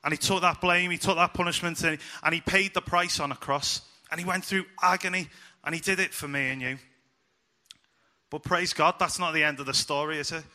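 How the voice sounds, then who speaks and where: Man, preacher, informal sermon, chatty, quizzes the kids, bright ringing voice, slightly high. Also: fairly quick. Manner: lively, chatty, asks the children questions and jokes with them. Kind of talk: informal sermon to a church congregation.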